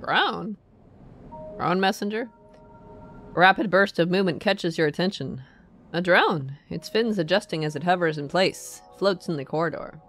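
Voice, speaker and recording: Woman streamer, game playthrough, reads story text, casual musing asides, lowish voice. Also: normal speed, fairly bright tone, soft background music. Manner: casual, musing, talking to herself.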